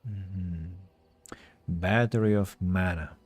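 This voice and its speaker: A man's voice: deep voice, fairly even intonation, takes it slowly, faint music behind. A man streaming a game, chatting casually and greeting viewers. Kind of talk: casual live-stream commentary.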